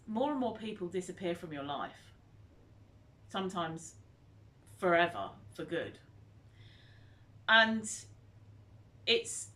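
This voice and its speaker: A woman in her fifties chatting casually as a vlogger, animated and nostalgic as she reminisces. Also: medium pitch. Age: 50s.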